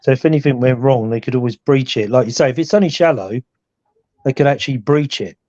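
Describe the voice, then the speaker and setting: A man's voice: medium pitch, fast talker, warm tone, dry recording, lo-fi sound. A man in casual chat, asking short curious follow-up questions as co-host.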